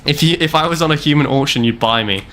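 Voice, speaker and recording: Man, young adult, game streamer, casual storytelling, bright tense tone, rambling, wry. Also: a little high, fast, a little hiss or hum. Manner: rambling, repeats himself, wry. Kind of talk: casual storytelling while gaming.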